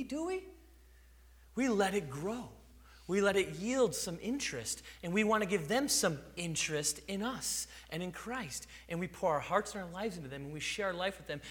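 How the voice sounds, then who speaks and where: A man's voice: a little high, fairly bright tone, big-room sound. A man preaching a sermon, acting out little dialogues and chuckling now and then. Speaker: pastor.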